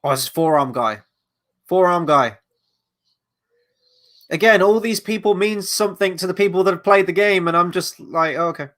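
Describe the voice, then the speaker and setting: Male watchalong host, slightly high voice, loose rambling commentary, casual swearing. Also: normal speed, pauses often, fairly bright tone. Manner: reads out and answers chat questions. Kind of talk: live movie watchalong commentary.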